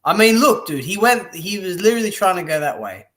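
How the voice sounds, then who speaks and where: A man's voice: sits high, animated, brisk, fairly bright tone. A young man giving casual, rambling live-stream commentary on boxing, blunt and swearing freely.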